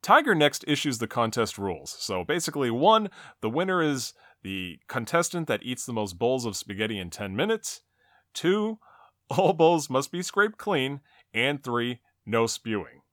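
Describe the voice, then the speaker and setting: A man's voice: medium pitch, very animated, moderate pace, fairly bright tone, no room sound. A man hosting a podcast, recapping an episode step by step with dry jokes. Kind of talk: episode recap and casual chat.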